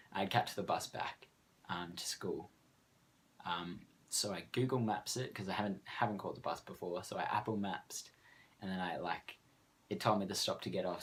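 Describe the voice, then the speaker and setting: Young Australian man, low voice, casual self-mocking vlog storyteller who rambles and laughs. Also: a bit bright, a little hiss or hum. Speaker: vlogger.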